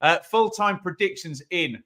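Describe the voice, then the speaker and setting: Bright-voiced male streamer hosting a football watch-along; loose, chatty, talks straight to his chat. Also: high-pitched, lively intonation, a little slow. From England. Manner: chatty, reads out viewer comments, bursts into loud calls. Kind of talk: live stream chat and commentary. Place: home office.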